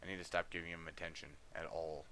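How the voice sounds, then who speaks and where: A man's voice: low-pitched, flat delivery, fast talker, bright, forceful tone, slight background noise. A male livestreamer chatting casually, easygoing, coaxing and scolding his dog between music talk.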